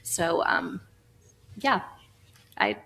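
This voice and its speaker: A woman in her thirties, a guest on a podcast interview, talking in a chatty, animated way with lots of fillers and laughs. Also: on the low side, extremely slow, creaky, rough recording. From Florida. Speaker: guest, founder of an Enneagram training company.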